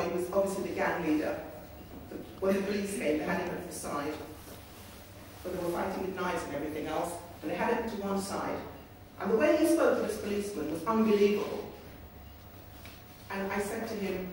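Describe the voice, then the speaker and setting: A woman speaks to a gathering in a large meeting room, telling stories and slipping into the voices of the people in them. Her mid-range voice carries from a distance, and it rings around the very echoey hall with a faint hiss underneath. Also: mid-range voice. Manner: lively storyteller who acts out voices. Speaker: campaign speaker. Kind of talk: storytelling speech.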